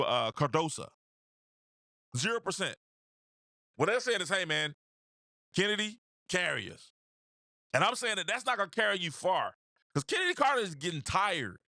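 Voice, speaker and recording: Animated high-voiced man hosting a stream. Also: normal speed, no echo, clean studio sound. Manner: animated, repeats phrases, greets viewers by name; casual slangy delivery. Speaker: host. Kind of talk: live stream basketball talk with chat shout-outs.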